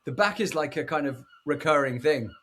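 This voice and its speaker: Enthusiastic man, slightly higher voice. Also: a little hiss or hum. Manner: enthusiastic, quick to agree, animated. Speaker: podcast co-host. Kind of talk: casual film review chat.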